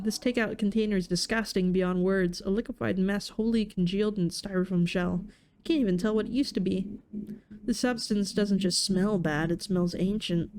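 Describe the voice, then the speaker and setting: A woman reads a story game's narration and choices aloud, adding playful asides. Her voice is mellow and smooth, with a relaxed, casual delivery. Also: mid-range voice, a little fast. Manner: playful, laughs at her own reading. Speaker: let's player. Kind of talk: reading game text aloud with casual commentary.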